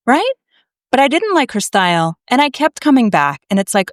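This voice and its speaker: A woman from Massachusetts, a naturopathic doctor, telling her story to a podcast host in a blunt, animated way. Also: fairly high pitch, moderate pace, no room sound, clean studio sound. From Massachusetts, USA. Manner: animated, emphatic, blunt, swears freely. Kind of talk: conversational storytelling.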